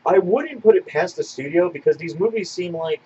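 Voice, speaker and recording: A man co-hosting a casual podcast, answering viewer questions in a rambling, animated way with many fillers and restarts. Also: high voice, a little fast, slightly rough, lo-fi sound. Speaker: podcast co-host.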